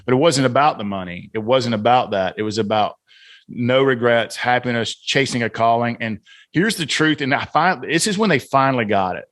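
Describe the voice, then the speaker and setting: A man's voice: medium pitch, normal speed. A man, a podcast guest who tells his story with energy and acts out what people said. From Atlanta, US South. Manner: animated storyteller, leans on "man" and "brother", acts out quoted voices. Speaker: guest, author and executive coach.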